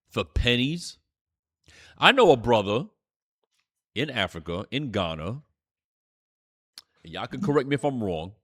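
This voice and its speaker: A man's voice: lowish voice, a bit bright. A man teaching a church class, telling a story with fiery, profane outbursts. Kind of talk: preaching class lesson.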